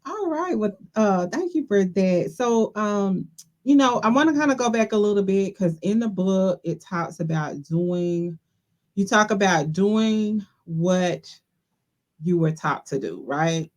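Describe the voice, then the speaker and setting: A woman's voice: mid-range voice, lively intonation, unhurried, a little mellow. A woman host in casual conversation, loose and chatty, laughing often. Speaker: podcast host. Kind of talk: casual chat.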